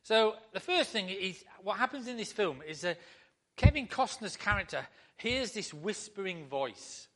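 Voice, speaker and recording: A man's voice: high voice, animated, measured pace, fairly bright tone. A male pastor giving a conversational sermon to his church, full of rhetorical questions.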